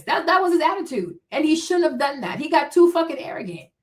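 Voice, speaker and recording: A woman's voice: high-pitched, very animated, fast talker. A woman hosting a livestream, giving heated, blunt, profane commentary and talking back to her chat. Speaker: livestream host.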